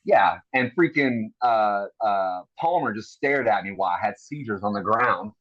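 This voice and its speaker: A man's voice: fairly low pitch, expressive, moderate pace, slight background noise. A middle-aged man, a veteran guest, telling stories in a blunt, profane, chummy way. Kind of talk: casual storytelling chat. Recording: dull dry lo-fi sound.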